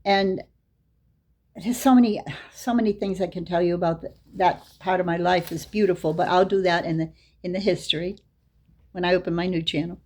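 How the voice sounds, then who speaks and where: Older woman telling stories, mellow and husky. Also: on the low side, steady tone, fairly quick. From Boston area, USA. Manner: anecdotal, acts out dialogue with her own voice. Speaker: Islamic lecturer. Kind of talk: storytelling lecture.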